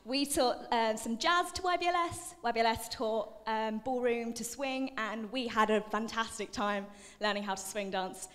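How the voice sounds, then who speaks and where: A woman's voice: a little high, normal speed, a bit bright. A young woman presenting a student dance showcase on stage, out of breath, chatty and a little flustered, with lots of fillers. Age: young adult. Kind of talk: live stage announcing. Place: large dining hall. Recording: long hall reverb.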